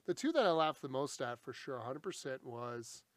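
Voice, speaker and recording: A man's voice: mid-range voice, lively intonation, normal speed, dry recording. A man co-hosting a casual podcast, easily amused and laughing a lot. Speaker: podcast co-host.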